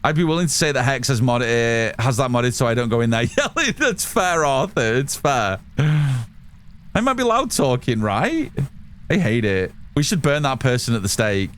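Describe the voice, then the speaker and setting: Loud excitable man streaming. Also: medium pitch, normal speed. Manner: loud, excitable, swears a lot, reads chat aloud. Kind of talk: casual live-stream chat while gaming.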